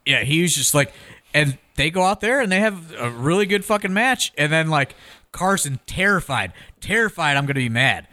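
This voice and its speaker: A man with a bright, forceful voice, sitting a touch above the usual pitch for a man. He chats casually on a podcast as a wrestling promoter, telling stories with lots of swearing and animated energy. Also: normal speed. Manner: profane, animated storyteller.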